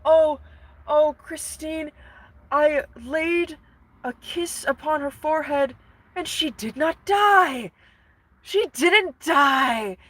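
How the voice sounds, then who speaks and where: A woman's voice: high voice, takes it slowly, fairly bright tone, pitched above the performer's own voice. A woman voicing a lovesick, melodramatic masked man who swoons and gasps that he is dying of love. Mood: swooning. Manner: swooning, gasping, repetitive.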